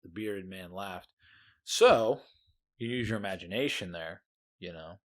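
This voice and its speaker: A man's voice: low-pitched, unhurried. A man co-hosting a podcast, chatting casually about a book, laid-back and hesitant, often searching for words. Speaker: podcast co-host.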